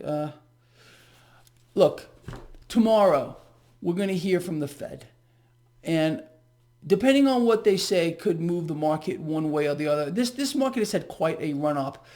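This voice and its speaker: A man's voice: high-pitched, darkish tone. A man hosting a solo market commentary, ranting in an agitated, sarcastic, mocking way.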